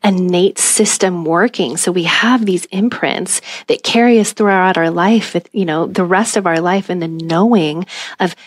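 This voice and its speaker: A woman's voice: lowish voice, moderate pace, dry recording. Earnest woman midwife, dry close sound. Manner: earnest, passionate, drops to a whisper for emphasis. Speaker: home birth midwife, guest. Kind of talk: podcast interview.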